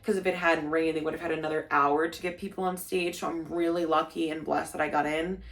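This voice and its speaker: A woman's voice: low voice, fairly even intonation, fairly quick, a bit bright. A young woman telling a story in a casual vlog, gushing and full of "like", acting out what people said. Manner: gushing, lots of "like", acts out quotes. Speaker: vlogger.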